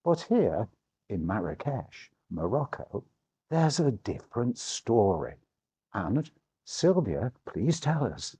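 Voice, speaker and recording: A man's voice: mid-range voice, big pitch swings, slow, mellow, breathy edge. A man hosting a casual travel vlog chat, talking expressively and laughing often. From England. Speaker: vlog host. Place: cafe in Marrakech.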